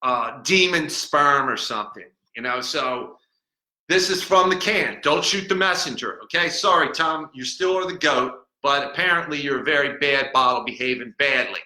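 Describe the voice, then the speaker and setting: A man's voice: mid-range voice, moderate pace, bright, forceful tone. A man playing a cranky, boastful talking bottle. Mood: mocking. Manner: rambling, mocking, stumbles over words. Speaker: podcast host. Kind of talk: comedic podcast rant. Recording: echoey room.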